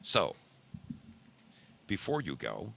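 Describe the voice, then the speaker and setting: A middle-aged man hosting a podcast, telling a story casually in a low voice, rambling and repeating himself for emphasis. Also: huge pitch swings, slow pace, vocal fry, sharp tone, slight background noise. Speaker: podcast host.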